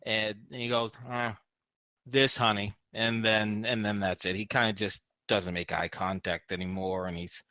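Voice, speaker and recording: A man narrating as game master in a casual tabletop session, animated and often laughing. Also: on the low side, moderate pace, hardly any pauses, no room sound. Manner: animated, laughing, loose with fillers.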